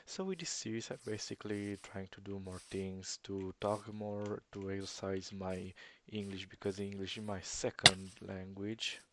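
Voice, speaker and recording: A man's voice: deep voice, flat delivery, normal speed, hardly any pauses, background noise. A young man with an Eastern European accent, rambling through casual gameplay commentary in a hesitant, self-deprecating way. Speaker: let's player.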